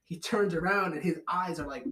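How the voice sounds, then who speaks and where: A young man with a fairly high voice, chatting in a loose, slangy way and laughing through his own stories. He sits back from the mic in an echoey room. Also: fairly quick, recorded from a distance, a crowd in the background. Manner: slangy, rambling, laughs a lot while telling stories. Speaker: podcast co-host. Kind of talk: casual chat.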